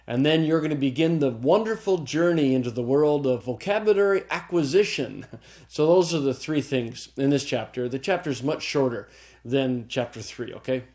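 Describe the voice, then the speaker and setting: Guy giving a lecture, calm and patient, keeps checking in w/ okay, middle pitch. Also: moderate pace. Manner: patient, repeats key points and checks with "okay?". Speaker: Greek teacher. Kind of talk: recorded lecture.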